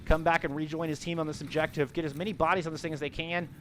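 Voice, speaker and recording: A man casting live esports play-by-play, rapid and rising to shouts at big plays. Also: fairly high pitch, level tone, slight background noise.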